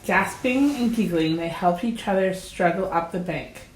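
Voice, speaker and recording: Slow, gentle woman reading a storybook aloud. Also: on the low side, a little hiss or hum. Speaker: storybook reader. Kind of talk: children's story read-aloud. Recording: roomy echo.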